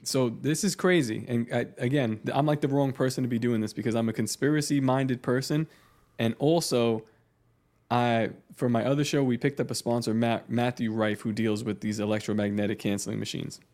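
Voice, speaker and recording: Animated, profane male podcast storyteller. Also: medium pitch, fairly quick. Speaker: podcast co-host. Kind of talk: casual chat.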